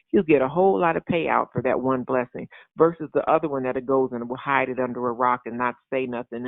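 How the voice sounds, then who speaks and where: Animated preacher man on a tinny line. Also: mid-range voice, no echo. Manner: animated, repetitive, acts out excited voices. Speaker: pastor. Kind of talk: informal sermon. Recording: tinny phone-like sound.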